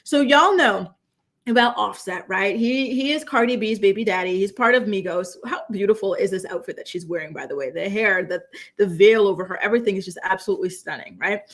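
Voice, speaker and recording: A woman's voice: mid-range voice, fairly quick, a bit bright. A woman hosting celebrity gossip commentary in a chatty, incredulous way, full of rhetorical questions. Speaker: commentary host.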